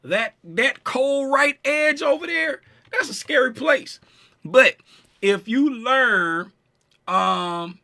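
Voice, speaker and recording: A man's voice: high-pitched, pushed and bright. A man teaching a live-streamed trading chart lesson, playful and teasing, repeating himself and talking to his chat viewers. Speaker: trading coach.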